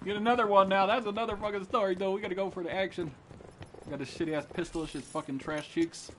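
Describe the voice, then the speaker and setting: A young man streaming a shooter game, cursing and trash-talking with friends in excited, loud outbursts. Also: high-pitched, fast talker, noisy background. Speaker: gaming streamer. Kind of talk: live gameplay commentary with friends.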